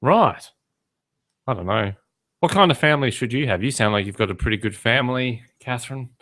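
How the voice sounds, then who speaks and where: A man's voice: medium pitch, animated, a little fast, a bit bright. A man hosting a podcast in casual chat, tossing in dry jokes and asides. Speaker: podcast host.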